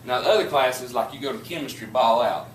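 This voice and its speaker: A man's voice: medium pitch, brisk. A man with a strong southern West Virginia accent talks casually to his class, mixing a drawling story with a chemistry lesson. His voice sits in the middle range. The sound comes from a distance across an echoey classroom, with faint room noise behind him. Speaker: chemistry teacher.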